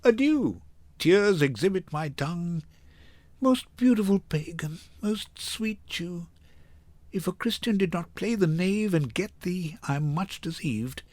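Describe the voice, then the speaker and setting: A man's voice: high-pitched, lively intonation, measured pace, a little mellow, no echo. A man playing a giddy clownish servant lad. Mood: tearful. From India. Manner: chuckling, sing-song Shakespearean clowning. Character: clownish young male servant, giddy and joking. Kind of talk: dramatic reading.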